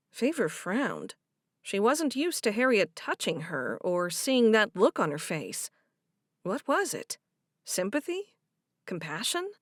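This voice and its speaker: A woman reading a romance audiobook in even, measured scripted narration. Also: medium pitch, no echo, studio quality.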